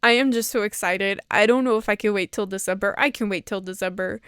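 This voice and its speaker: A woman excitedly gushing through a casual trailer reaction, rambling and piling on filler words. Her voice is smooth and clear, in a middle range. The sound is close and dry, with little room around it. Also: mid-range voice, fairly quick, dry recording. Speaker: fan video creator.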